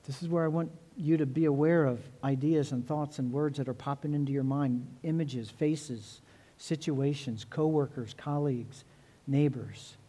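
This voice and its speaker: A middle-aged male pastor delivers a sermon in a mellow, warm tone that sits a little high for a man. He is earnest, leans on repeated words and slows down to stress key phrases. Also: fairly even intonation.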